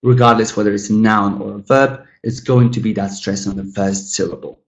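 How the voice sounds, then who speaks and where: A man teaching an English pronunciation lesson, speaking deliberately with frequent fillers and calling his listeners guys. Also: fairly low pitch, steady tone, gravelly. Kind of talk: classroom lesson on word stress.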